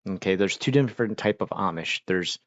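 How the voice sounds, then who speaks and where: A man from Pennsylvania hosts a casual livestream, talking while he eats. He rambles and drifts off topic, with a lowish voice. His audio is dry and slightly muffled. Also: fairly quick, no echo. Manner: rambling, chatty, talks while eating. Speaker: livestream host.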